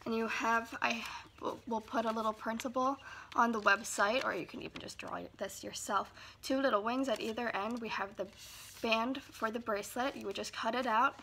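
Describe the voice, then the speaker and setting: Female children's librarian, raised pitch with vocal fry, sing-song read-aloud delivery. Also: fairly even intonation, bright, forceful tone, slight background noise. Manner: slow, sing-song storytime delivery with drawn-out words. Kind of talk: reading a picture book aloud to children.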